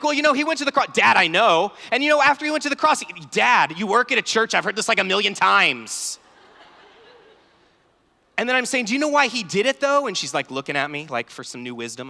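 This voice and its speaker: Animated male speaker in a big hall. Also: extremely high pitch. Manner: animated storytelling, acts out dialogue. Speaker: youth conference speaker. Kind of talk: sermon-style talk with stories. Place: large conference hall. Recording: large hall reverb.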